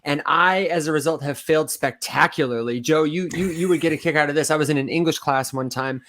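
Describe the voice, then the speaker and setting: A man's voice: on the high side, a little fast, a bit bright, slight background noise. Chatty man telling stories on himself. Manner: self-deprecating storytelling with stumbling restarts. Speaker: podcast co-host. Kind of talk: casual chat.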